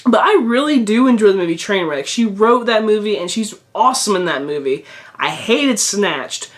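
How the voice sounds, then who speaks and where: A man's voice: sits high, expressive, moderate pace. Chatty young man reviewing a movie. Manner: chatty, repeats himself, many restarts and fillers. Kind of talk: casual spoken movie review.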